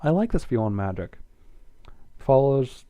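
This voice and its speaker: A man's voice: mid-range voice, big pitch swings, measured pace, mellow, dry recording, lo-fi sound. A man reading fan fiction aloud in a casual way, stumbling over words and breaking off for self-deprecating asides.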